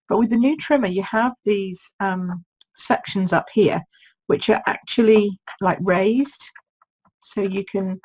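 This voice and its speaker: A British woman with a sore throat chats her way through a live-streamed card-making demo, thinking aloud and reading out viewer comments as she works. Her mid-range voice is slightly mellow with a breathy edge, and the audio quality is poor.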